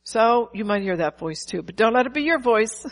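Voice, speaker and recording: Older woman, pastor, lively preaching, rhetorical questions, acted-out quotes. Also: on the high side, normal speed, rough recording. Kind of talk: sermon.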